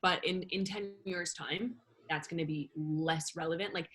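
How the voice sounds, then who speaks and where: Woman guest chatting fast, lots of likes and ums, a bit low-pitched. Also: breathy edge. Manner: animated, fast and rambling with many fillers. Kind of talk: casual interview chat.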